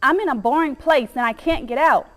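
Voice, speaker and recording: Eager, devoted little pet dog in a storybook reading, calling out high and loud, as a woman narrator puts it on. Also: a little fast, in a large hall. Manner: bright, pleading, excited calling out. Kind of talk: audiobook reading.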